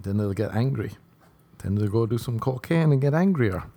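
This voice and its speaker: An Irish stand-up comedian hosts a podcast, rambling casually through profane, playful stories while sunburnt and mocking people in quoted voices. His voice sits at medium pitch with lively intonation and a moderate pace. It sounds creaky but warm.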